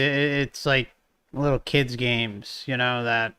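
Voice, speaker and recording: A man's voice: medium pitch, steady tone, slow pace, pushed and bright, clean tone, no room sound. A man giving loose, casual commentary, rambling with restarts. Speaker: channel host giving commentary.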